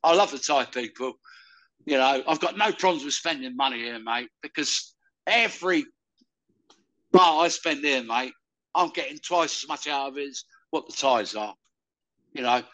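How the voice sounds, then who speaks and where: An older man from the UK, talking loudly and rambling in a casual interview. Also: medium pitch, moderate pace, long pauses, rough recording. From United Kingdom. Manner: loud, rambling, calls the listener "mate". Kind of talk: casual conversation.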